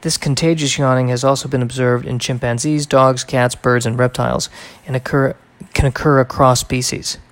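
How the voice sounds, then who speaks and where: A man's voice: medium pitch, fairly even intonation, moderate pace, hardly any pauses, no echo. A man hosting a solo podcast, reading aloud and drifting into wry, rambling asides in a casual way. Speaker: podcast host.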